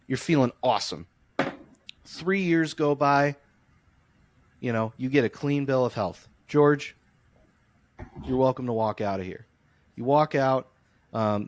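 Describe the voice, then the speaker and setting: A man co-hosting a podcast, telling long, animated, rambling stories in casual sports chat. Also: mid-range voice, no echo. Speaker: podcast co-host. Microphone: close podcast mic.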